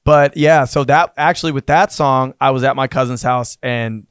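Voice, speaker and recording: Rambling, laughing musician in a dry studio. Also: male voice, mid-range voice, normal speed, clear, resonant tone, no room sound. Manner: rambling storyteller, laughs often, acts out quotes. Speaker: singer-songwriter guest. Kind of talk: casual podcast chat. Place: studio lounge.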